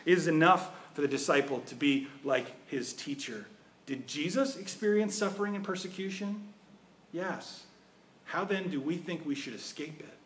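Higher-voiced man preaching conversationally. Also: normal speed. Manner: conversational, asks rhetorical questions. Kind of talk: sermon.

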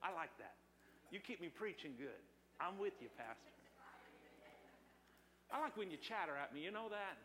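A man's voice: high-pitched, big pitch swings, brisk, sharp tone, big-room sound, a little hiss or hum. A middle-aged male pastor preaching a sermon in church, talking with his congregation and drawing answers from them. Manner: preaching with call-and-response to congregation. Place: church sanctuary.

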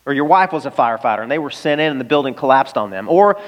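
A man's voice: mid-range voice, expressive, fast talker. A male pastor preaching a sermon in an earnest, emphatic way, asking the listeners rhetorical questions. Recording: long reverb of a large hall.

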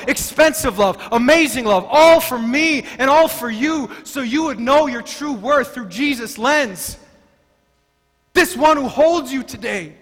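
A man preaching a sermon as pastor, emphatic and excitable, often stumbling over his words as he restarts. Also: very high-pitched. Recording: long hall reverb.

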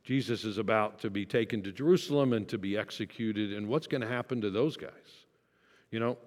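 Speaking briskly in a fairly low voice, a pastor addresses his congregation in a large church sanctuary. His sermon is relaxed and chatty, full of questions for the listeners and light jokes about himself.

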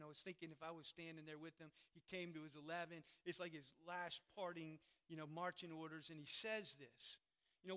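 A man preaching a sermon as pastor, emphatic, rising loud on key words and then dropping to a quiet tone. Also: a little high.

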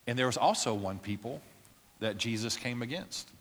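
A man preaching a sermon in a church, his voice sitting at an ordinary middle pitch. He moves between plain teaching and impassioned, almost shouted prayer. A long hall reverb trails behind every phrase. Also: normal speed. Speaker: pastor.

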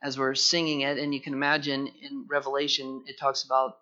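A man's voice: mid-range voice, completely flat delivery, a little fast, pushed and bright, muffled recording. A man preaching a sermon as pastor, earnest and emphatic, often repeating his phrases.

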